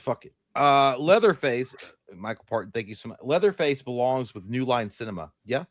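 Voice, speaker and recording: A man's voice: medium pitch, expressive, normal speed, no echo, studio quality. A man co-hosting a live movie talk stream, joking, swearing and reading viewer messages aloud. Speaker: podcast co-host. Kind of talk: casual live-stream chat.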